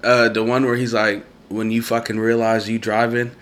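A young man in casual chat, telling wild stories and bursting into loud laughter. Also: mid-range voice, flat delivery, moderate pace.

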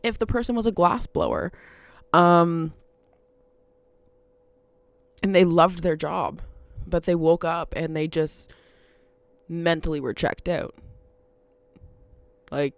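A woman's voice: lowish voice, slow, long pauses, no room sound. A woman talking casually in a monologue, rambling, laughing often and swearing freely.

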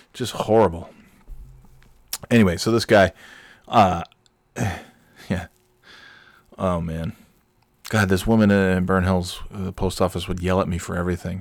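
A man with a very low voice tells a meandering anecdote, swearing often and circling back on himself with fillers. His voice sounds close and dry, with no room behind it. He talks like a host ranting casually to his listeners. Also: gravelly, dry recording. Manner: profane, rambling storyteller with frequent fillers; irritated, ranting. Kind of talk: rambling anecdotal monologue.

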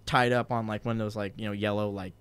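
A man's voice: fairly low pitch, little pitch movement, fast talker, fairly bright tone, clear, resonant tone. A young man in his twenties telling a long, rambling, profane story in casual chat, full of "like" and "dude". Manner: rambling, profane, heavy on filler "like".

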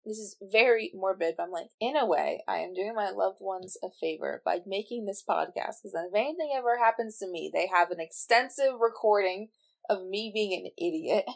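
A woman's voice: medium pitch, brisk, gravelly. A young woman co-hosting a casual podcast, chatty and self-mocking as she recounts stories. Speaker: podcast co-host. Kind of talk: casual chat.

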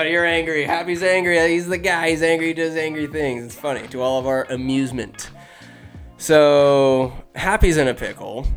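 A man casually retelling a comedy movie scene by scene, rambling and crude. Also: on the high side. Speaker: movie recapper.

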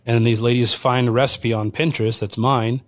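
A man's voice: medium pitch, steady tone, normal speed. A man, a wild game chef, telling a personal story as a guest and acting out the voices of people he quotes. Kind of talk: storytelling in conversation.

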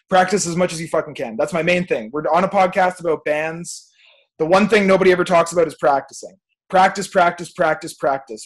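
A young man, a music producer, ranting emphatically and swearing freely as a guest on a podcast. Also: a little high. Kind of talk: casual podcast chat.

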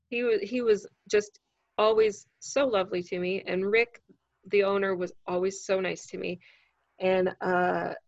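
A woman who is a standup comic, telling a story in casual chat, animated and swearing freely. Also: mid-range voice, vocal fry, no echo, dull audio. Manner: animated, acts out quoted voices, swears freely.

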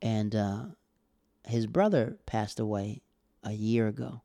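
A male comedian in his thirties with a low, mellow voice tells a personal story in casual conversation. He rambles, restarts and repeats phrases. The sound is dry and close. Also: steady tone, slow pace, vocal fry, no room sound. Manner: rambling, heartfelt, repeats himself. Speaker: stand-up comedian.

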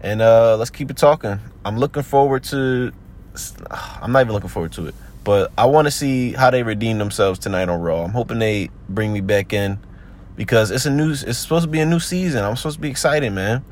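A man's voice: mid-range voice, a little fast, darkish tone. A man hosting a podcast in a slangy, rambling, casual chat full of fillers. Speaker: podcast host.

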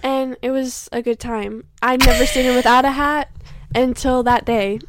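A woman, telling a dating story in casual podcast chat, animated and laughing often. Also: high voice, normal speed, noisy background. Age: 20s. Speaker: podcast co-host.

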